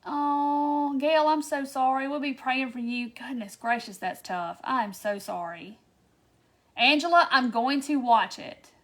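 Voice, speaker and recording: A woman's voice: sits high, a little slow, fairly bright tone. A chatty woman hosts a casual craft tutorial livestream and answers viewer comments as she goes.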